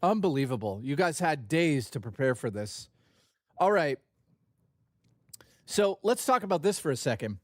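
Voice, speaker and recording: A man hosting a casual gaming stream, joking with chat in an animated, profane way. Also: on the high side, normal speed, pauses often, no echo, clean studio sound.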